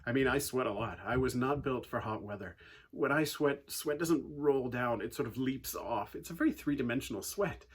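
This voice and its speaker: A man giving a casual youth talk, retelling a Bible story as an animated storyteller with playful sarcastic asides. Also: medium pitch, moderate pace, breathy edge. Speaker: youth ministry speaker.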